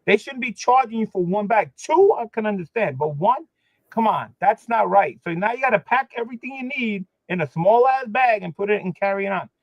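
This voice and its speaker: A man's voice: high-pitched, animated, a little fast, creaky, no echo. A man hosting a livestream, chatting casually and complaining emphatically with lots of fillers. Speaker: livestream host. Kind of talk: casual chat. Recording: dull lo-fi sound.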